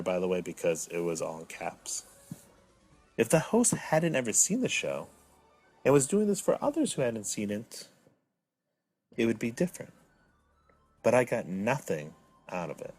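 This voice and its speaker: A man's voice: on the low side, sing-song, normal speed, long pauses, breathy edge, soft background music. A man in his thirties hosting a comedic solo podcast, talking with mock drama that swings from mopey to indignant. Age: 30s. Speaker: podcast host.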